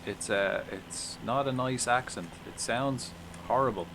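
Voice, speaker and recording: A man's voice: mid-range voice, unhurried, background noise. A man giving casual live-stream commentary, chatty and jokey, with swearing and offhand asides. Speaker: livestreamer.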